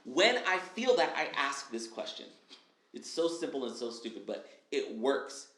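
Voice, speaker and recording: A man speaking as a podcast guest, upbeat and animated, acting out his own quotes and often asking "right?" and saying "dude.". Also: medium pitch, measured pace. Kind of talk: casual podcast chat. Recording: echoey room.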